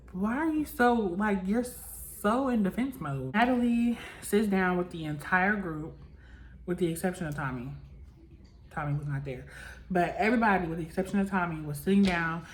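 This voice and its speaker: A young woman in casual chat, recapping a reality show, talking loosely with lots of "like" and acting out what people said. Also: fairly low pitch. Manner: chatty, full of "like" and acted-out quotes.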